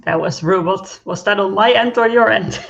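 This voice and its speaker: A woman's voice: mid-range voice, a little slow, gravelly, lo-fi sound. A laid-back woman joining a casual stream chat over a video call. She giggles often and keeps her remarks light and easy. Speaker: stream guest.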